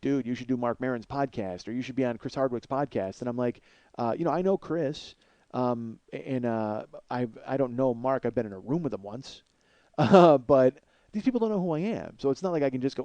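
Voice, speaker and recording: A man's voice: medium pitch, animated, brisk, warm tone, no room sound. A man in his forties hosting a podcast, rambling in a self-deprecating, swear-heavy comedic monologue. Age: 40s. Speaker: podcast host.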